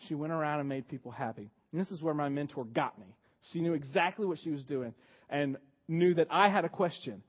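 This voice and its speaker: Higher-voiced preacher on a dull recording. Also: male voice, breathy edge. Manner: swings between loud emphatic and quiet hushed delivery. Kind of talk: sermon.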